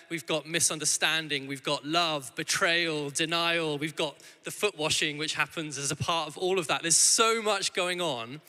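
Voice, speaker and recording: A man in his thirties preaches with a very bright, forward voice that sits a little high. He talks in a loose, conversational way, often restarting his sentences. The sound carries a long church-hall reverb. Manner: warm conversational storytelling with frequent restarts. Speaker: guest preacher. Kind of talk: sermon.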